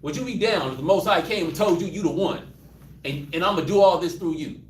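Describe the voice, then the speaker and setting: A man's voice: sits high, fairly quick, a little hiss or hum. A man with a Southern US accent leading an interactive Bible study, acting out prayers and laughing often. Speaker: Bible teacher. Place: room with a live group. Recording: roomy, mic at a distance.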